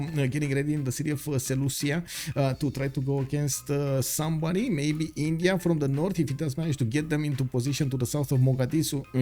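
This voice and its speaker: A man's voice: mid-range voice, dark tone. A man giving live commentary on a strategy game match, talking with many fillers, reading viewers' messages aloud, and saying he is losing his voice. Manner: rambling, filler-heavy, reads chat aloud. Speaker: esports caster.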